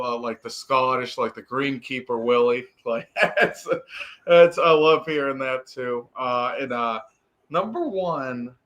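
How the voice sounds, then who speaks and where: A man's voice: mid-range voice, fairly bright tone. Easygoing young man with a Boston accent. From Boston area. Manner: easygoing, hesitant with fillers. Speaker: podcast guest. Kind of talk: casual podcast chat.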